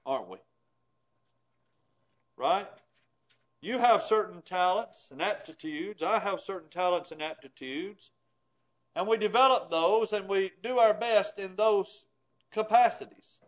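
A middle-aged man preaching with a high voice. He talks animatedly and emphatically, throwing rhetorical questions at his listeners in a conversational way. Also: poor audio. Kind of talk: sermon.

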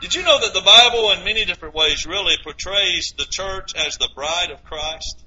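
A man's voice: high-pitched, moderate pace, sharp tone. A man preaching a sermon, quoting scripture and asking his listeners rhetorical questions. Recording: dull lo-fi recording.

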